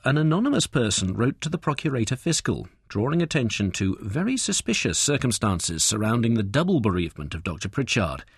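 A man's voice: husky, dry recording, studio quality. A man giving a scripted true-crime narration in a dramatic storytelling manner. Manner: dramatic storytelling with lively pitch swings.

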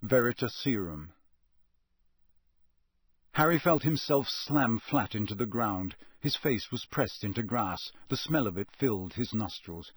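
Husky man, measured audiobook narration, steady, dry close mic. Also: fairly low pitch, no echo.

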